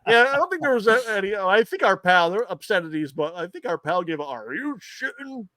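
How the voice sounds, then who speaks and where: A man's voice: high-pitched, expressive, fast, sharp tone, dry recording. A man co-hosting a casual comedy podcast, joking crudely and laughing a lot. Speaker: podcast co-host.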